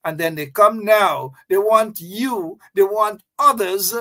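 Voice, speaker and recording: A man's voice: sits high, slow, pushed and bright. A man giving opinionated political commentary, emphatic and repetitive, with a scornful edge.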